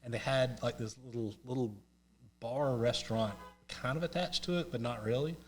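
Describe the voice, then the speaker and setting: A North Carolina man with a Southern American accent appears as a podcast guest, speaking at normal speed in a mid-range voice over soft background music. His casual story rambles and pokes fun at himself, with many restarts.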